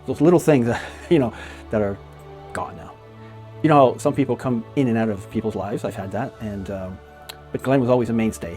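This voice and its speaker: Fast-talking man telling fond stories. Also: mid-range voice, dark tone. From Canada. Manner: fond, chatty storytelling with frequent laughs. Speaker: magician paying tribute to a late friend. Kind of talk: casual spoken memorial tribute.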